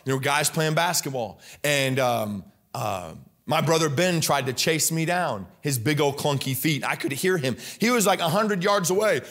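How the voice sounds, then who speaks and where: A young adult man from the American Midwest preaching a sermon as pastor, telling stories with lively acted-out voices. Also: medium pitch. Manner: animated storytelling, acts out quoted voices. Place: church sanctuary.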